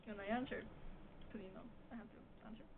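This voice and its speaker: A woman's voice: medium pitch, steady tone, gravelly. A teenage girl vlogging with friends, casually retelling a prank phone call and acting out the dialogue. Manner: fast chatty retelling with quoted dialogue. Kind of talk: casual storytelling among friends. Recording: tinny lo-fi webcam audio with hiss.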